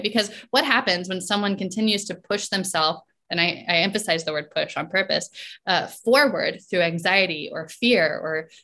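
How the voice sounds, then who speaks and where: A woman's voice: mid-range voice, fairly bright tone. Chatty woman coach asking "right?". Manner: chatty, ends points with "right?", laughs often. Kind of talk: conversational podcast talk.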